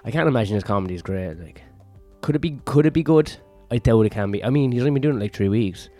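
A man's voice: medium pitch, animated, fast, mellow, faint music behind. A man vlogging in a rambling, profane monologue, ranting with lots of fillers and sounding sweaty and worn out.

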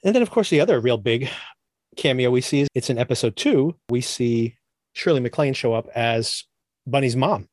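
A man's voice: mid-range voice, lively intonation, moderate pace, a little mellow, no room sound. A man co-hosting a podcast, chatting casually and giving rambling, opinionated takes on a TV show. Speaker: podcast co-host. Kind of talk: casual chat reviewing TV.

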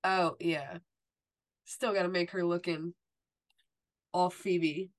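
A woman's voice: lowish voice, fairly even intonation, slow. A woman co-hosting a podcast, talking casually and emphatically, with lots of "like" and "you know". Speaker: podcast co-host. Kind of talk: casual chat recapping a TV episode.

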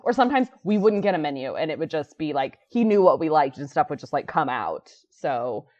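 Animated woman on a lo-fi recording. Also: fairly quick. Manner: animated, laughs often, jumps into high-pitched quoted voices. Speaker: podcast co-host. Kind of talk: casual chat about a sitcom. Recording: dull lo-fi recording.

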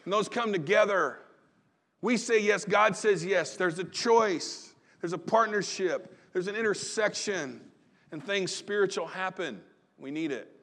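A man preaches in a relaxed, folksy manner. He acts out the voices in the stories he tells. His voice sits a little high. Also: a little slow. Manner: folksy, conversational preaching with dramatized quotes. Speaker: pastor. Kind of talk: sermon.

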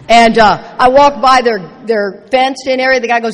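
A middle-aged woman speaking at a recovery meeting, telling stories with playful, animated asides. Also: fairly high pitch, a little slow, long pauses, a little hiss or hum. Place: large meeting hall. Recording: echoey hall with long reverb.

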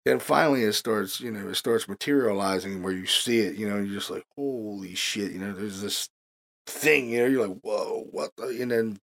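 A man's voice: lowish voice, fairly quick, creaky. A man guest-hosting a podcast, telling a story in a casual, profane way and leaning on "you know". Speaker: guest host.

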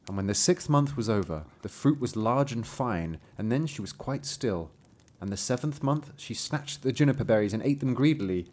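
A man's voice: on the low side, darkish tone. A man hosting a podcast, reading a fairy tale aloud with dry, wry asides. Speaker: podcast host.

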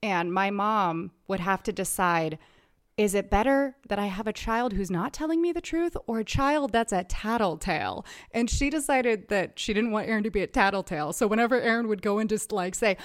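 A woman's voice: medium pitch, brisk. A woman co-hosting a film podcast, chatty and curious, acting out quotes from scenes and family. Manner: chatty, asks questions, quotes people in little voices. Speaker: podcast co-host. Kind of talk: casual film discussion.

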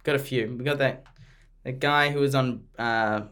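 A man's voice: medium pitch, fairly even intonation, normal speed, fairly bright tone, smooth. A man co-hosting a late-night comedy podcast, chatting casually. His delivery is dry and playful as he riffs through odd news stories with a friend. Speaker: podcast co-host.

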